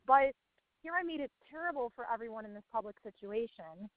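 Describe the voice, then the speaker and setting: A woman tells a story on a coaching call, her voice sitting a little high. She talks casually and breaks into laughter between her words. The sound is dry and tinny, like a phone line. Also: expressive, brisk, dry recording.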